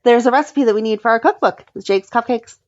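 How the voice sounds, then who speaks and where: A woman's voice: a little high, fast, dry recording, highs cut off. A woman co-hosting a podcast, recapping a soap opera in casual chat and acting out the characters' lines as she retells scenes. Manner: animated, acts out characters' lines when retelling. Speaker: podcast co-host.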